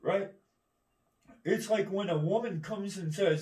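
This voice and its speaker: Brief: man, rambling profane rant, combative, slightly high voice, distant mic in an echoey room. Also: measured pace, a little mellow. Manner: heavy swearing, keeps asking "right?".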